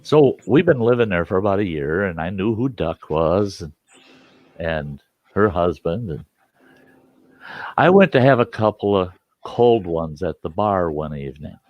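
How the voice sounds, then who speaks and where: A man hosting a storytelling show, telling a tale in a folksy, animated way with salty language, on a dull, dry recording. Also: low voice, unhurried, no room sound. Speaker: storyteller host. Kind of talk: casual spoken storytelling.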